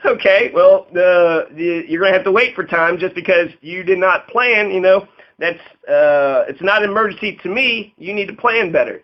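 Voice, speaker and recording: A man's voice: sits high, normal speed. A man giving casual political commentary, rambling and profane, laughing often and acting out quotes in a raised voice. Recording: dull lo-fi audio.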